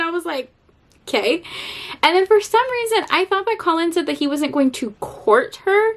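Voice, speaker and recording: A young woman vlogging casually about a book she is rereading, chatty and animated, laughing and swearing now and then. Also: very high voice, normal speed. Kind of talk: casual vlog chat.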